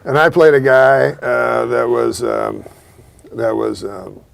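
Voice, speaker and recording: A male host telling rambling, profane stories in a deadpan way during a casual comedy chat. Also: mid-range voice, takes it slowly, vocal fry.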